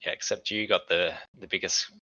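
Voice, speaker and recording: A man running a tabletop game as game master, explaining things in a relaxed way with fillers. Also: low voice, a little fast, dry recording, low-quality recording.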